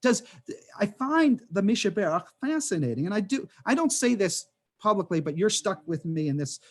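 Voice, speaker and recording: A man's voice: high-pitched, normal speed. A man, a rabbi, teaching an adult class over a video call, telling stories and asking rhetorical questions in a conversational way. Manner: animated storytelling with rhetorical questions and asides.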